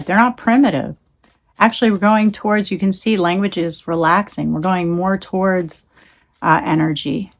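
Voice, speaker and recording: A woman talking into her phone in a rambling, emphatic monologue, swearing when she gets heated. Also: fairly low pitch. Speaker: tarot reader.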